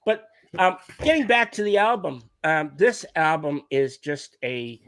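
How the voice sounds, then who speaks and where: A man's voice: on the high side, measured pace, no echo. A man co-hosting a casual music chat, telling stories animatedly and swearing a lot. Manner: animated storytelling, heavy swearing. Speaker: podcast co-host.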